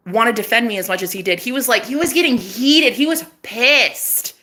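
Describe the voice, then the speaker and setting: A woman's voice: a little high, normal speed, hardly any pauses, bright, forceful tone. A young woman vlogging to camera, telling a story in a sassy, profane, dramatic way. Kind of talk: casual chat to camera.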